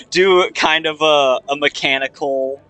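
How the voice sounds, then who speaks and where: A man at a tabletop game describes his robot character slowly and without hurry. His voice is smooth and resonant with a bright edge. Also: fairly high pitch, no echo. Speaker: player.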